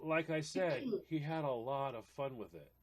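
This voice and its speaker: A man's voice: on the high side, moderate pace, crowd noise. A man co-hosting a casual podcast chat, telling a funny story and acting out voices, laughing often. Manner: animated, laughing, acts out quoted voices. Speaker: podcast co-host.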